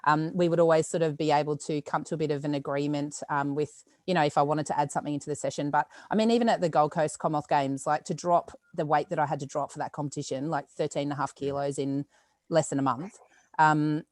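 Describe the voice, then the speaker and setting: An Australian woman who lifts weights tells stories in a casual podcast chat, her deep voice captured in a dry recording. She speaks rapidly and animatedly, acting out quotes along the way.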